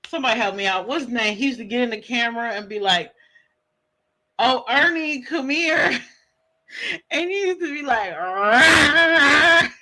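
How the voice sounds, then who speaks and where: A woman's voice: on the high side, animated, fast, pushed and bright, poor audio. A woman hosting a livestream, chatting with viewers and reacting with dramatic, playful commentary. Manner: chatty, dramatic, laughing asides to chat. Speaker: livestream host reacting to a clip. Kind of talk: casual commentary.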